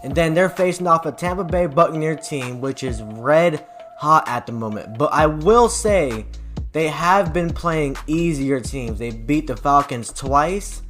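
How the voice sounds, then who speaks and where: A man's voice: on the high side, fairly bright tone. A young man hosting a sports channel, giving casual football predictions in a rambling, offhand way. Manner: rambling, offhand, loose with fillers and restarts.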